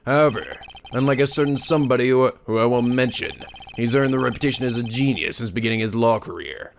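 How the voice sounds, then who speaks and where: A man's voice: vocal fry, slight background noise, close to an everyday voice. A man doing a smug suave veteran lawyer. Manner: low, slow and suave, teasing. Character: cool, smug male veteran defense attorney. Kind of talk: video game voice-over dubbing. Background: game music.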